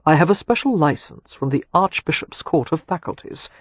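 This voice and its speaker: A man's voice: on the high side, lively intonation, normal speed, no room sound. A man voicing a teasing, wry male suitor in an audiobook romance, with dry quips and earnest turns. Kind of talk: audiobook character dialogue.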